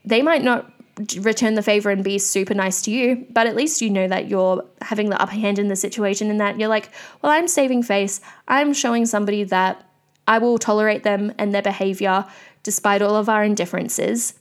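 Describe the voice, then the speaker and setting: A woman's voice: mid-range voice, steady tone, a little fast, smooth. Chatty woman podcast host. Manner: candid, chatty rant with frequent fillers. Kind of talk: solo podcast monologue.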